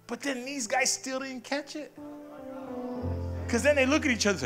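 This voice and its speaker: A pastor preaching in a high, bright-pitched voice, punchy and playful, calling for the congregation to answer him. Music plays clearly underneath his sermon. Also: normal speed, pauses often. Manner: call-and-response, punchy, playful asides. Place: church sanctuary. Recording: music behind.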